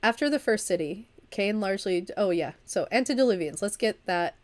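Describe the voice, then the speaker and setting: A woman's voice: mid-range voice, expressive, brisk. A woman reads a vampire story game aloud on a livestream. She is at the tail end of an illness, stumbles and restarts now and then, and drops into chatty asides between passages. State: recovering from a long illness. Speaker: streamer and storyteller. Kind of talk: reading a vampire visual novel aloud on a livestream.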